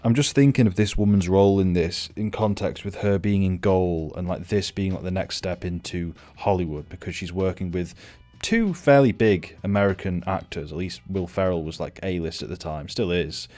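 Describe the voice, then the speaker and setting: A man's voice: low voice, normal speed, few pauses, mellow. A young man giving sweary, offhand, sardonic commentary while reviewing a film. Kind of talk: casual reaction commentary.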